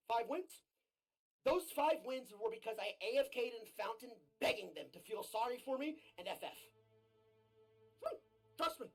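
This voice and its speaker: A man streaming a game, ranting brashly and with a lot of swearing, his voice husky and often breaking into shouts. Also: very high voice. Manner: brash, profane, swings into shouting rants. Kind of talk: ranting gaming stream talk.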